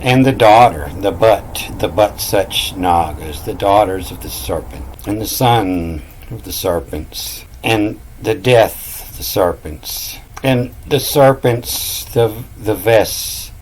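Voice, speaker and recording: Old guy rambling on about word origins, lowish voice, faint hum behind. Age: older. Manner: rambling, folksy, meandering asides. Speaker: channel host. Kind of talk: casual talk on word origins.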